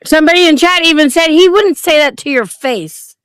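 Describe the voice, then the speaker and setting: A woman's voice: sits high, brisk, a bit bright, no room sound, studio quality. A woman hosting a livestream, talking sympathetically and apologetically with her guest. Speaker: livestream host. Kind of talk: casual livestream chat.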